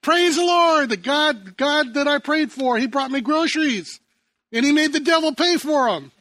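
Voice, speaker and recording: A man voicing a joyful elderly woman of strong faith who shouts her praise out loud. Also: high voice, animated, moderate pace, voice pushed up. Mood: exultant. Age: older.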